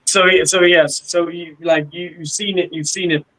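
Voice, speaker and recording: Sex: male. Role: livestream host. Pitch: fairly high. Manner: halting and repetitive, pressing hard questions. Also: fairly even intonation, pushed and bright, poor audio. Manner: stammering, repeats words, pointed questions. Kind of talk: heated livestream call discussion.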